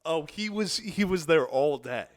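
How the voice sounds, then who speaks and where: A man's voice: a little high, animated, a little slow. A man co-hosting a comedy podcast, joking animatedly in casual banter. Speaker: podcast co-host.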